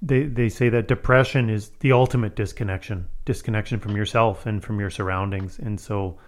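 A male podcast host asking a guest questions in a calm, agreeable way. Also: lowish voice, fairly quick. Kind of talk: interview questions.

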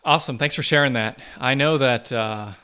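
Bright-voiced male podcast host. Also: mid-range voice, moderate pace, clear, resonant tone. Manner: friendly, polished. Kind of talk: podcast interview and outro.

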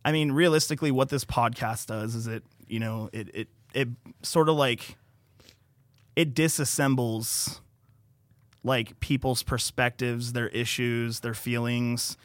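Soft-spoken man in a dry studio. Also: mid-range voice, steady tone, measured pace, dry recording. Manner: earnest, soft-spoken, reads his own writing aloud. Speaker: podcast engineer. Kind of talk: casual podcast conversation. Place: podcast studio.

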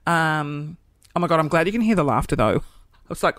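A man's voice: on the high side, animated, quick pace, bright, forceful tone, no room sound. Self-deprecating man on a dry close mic. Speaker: podcast host. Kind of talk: casual podcast chat.

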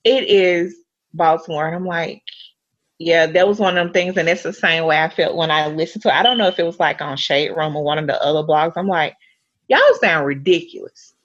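A young woman co-hosting a podcast in casual chat, animated, with playful exaggeration. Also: low voice, fairly quick. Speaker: podcast co-host. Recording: dull lo-fi sound.

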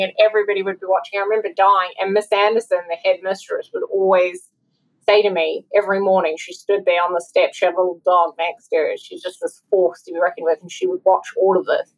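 This woman, a South African guest author being interviewed, recounts personal stories with earnest, heartfelt feeling. Her voice is medium-pitched, and the recording is rough.

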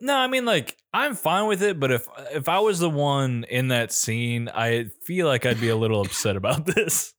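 A laid-back man picks apart a film in casual conversation, swearing and laughing as he goes. His voice is recorded dry and close, with no room sound, and his pitch is in the middle of a man's range. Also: animated, moderate pace, hardly any pauses, a bit bright, dry recording. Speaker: podcast co-host. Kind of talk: casual movie-review chat.

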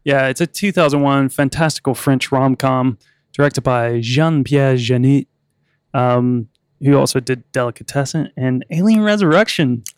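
A man's voice: mid-range voice, normal speed, smooth, dry recording, studio quality. A man co-hosting a podcast in casual, rambling chat, often laughing. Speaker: podcast co-host.

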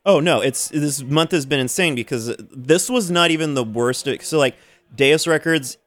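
A man's voice: a little high, normal speed, fairly bright tone. A man co-hosting a radio show, telling stories in a chatty, profane way with lots of fillers. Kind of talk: casual chat.

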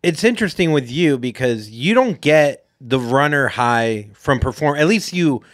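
A man co-hosting a podcast in casual chat, agreeable and thinking aloud in halting phrases. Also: medium pitch, expressive, dry recording, studio quality. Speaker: podcast co-host.

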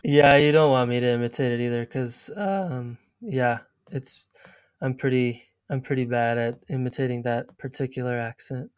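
A man hosting a podcast interview, easygoing and quick to laugh. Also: medium pitch, smooth, no echo, clean studio sound. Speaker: podcast host. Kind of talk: casual interview chat.

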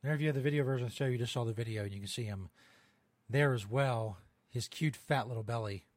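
A man's voice: mid-range voice, fast, no room sound. A man hosting a podcast, chatting casually as he reads odd news stories, laughing often, swearing and trailing off into rambling asides. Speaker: podcast host.

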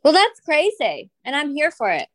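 Casting: woman podcast host, blunt and teasing with quick comebacks, voice a bit high, dry close sound. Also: huge pitch swings, dry recording. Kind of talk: casual chat.

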